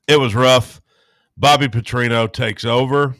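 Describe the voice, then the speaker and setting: A man's voice: mid-range voice, steady tone, unhurried, fairly bright tone, no echo, studio quality. A man co-hosting a sports radio show, reading the headlines with wry asides. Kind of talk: radio news headline read.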